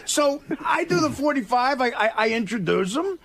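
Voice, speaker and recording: Gravelly, high-voiced male comic. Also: sing-song, normal speed, fairly bright tone, a little hiss or hum. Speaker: comedian guest. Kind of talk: casual storytelling.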